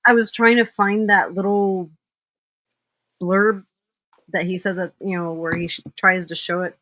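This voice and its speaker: A woman's voice: medium pitch, steady tone, a little slow, a bit bright. A woman co-hosting commentary, chatty and agreeing along.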